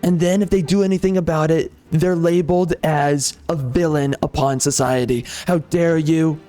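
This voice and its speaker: A man's voice: on the high side, fairly even intonation, moderate pace, warm tone, faint music behind. A man ranting off the cuff over gameplay, heated and sarcastic, often repeating himself. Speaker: gaming channel host.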